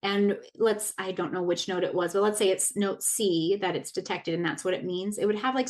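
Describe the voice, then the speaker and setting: A woman in her thirties, a wellness coach giving a casual masterclass talk, earnest and reflective, with loose fillers and restarts. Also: mid-range voice.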